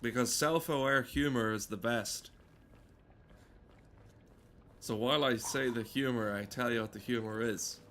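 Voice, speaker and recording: A man's voice: medium pitch, unhurried, pauses often, fairly bright tone, a little hiss or hum. A man giving casual game commentary, rambling and self-mocking, swearing often and stumbling over fillers. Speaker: let's play gamer.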